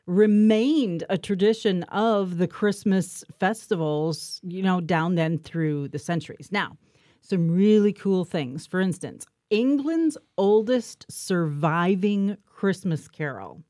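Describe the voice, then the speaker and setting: Lady cohost chatting away, kinda low voice, dry close mic. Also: expressive, takes it slowly, mellow, no echo. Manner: chatty, explains with enthusiasm. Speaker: co-host. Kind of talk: casual chat.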